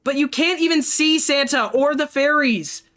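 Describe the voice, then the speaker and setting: A bratty, defiant young teen girl, put on by a woman reading a game aloud. Her voice jumps up high and squeals as she mocks and snaps back. Quick, snippy delivery. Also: fairly bright tone, faint music behind. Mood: dismissive. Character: bratty thirteen-year-old girl, mocking and defiant.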